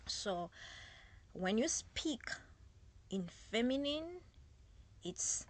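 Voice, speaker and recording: A woman's voice: a little high, big pitch swings, a little mellow. A woman with a French accent, whose first language is French, teaching a beginner lesson and drilling each word with repetitions. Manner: drills words slowly and repeats them for practice.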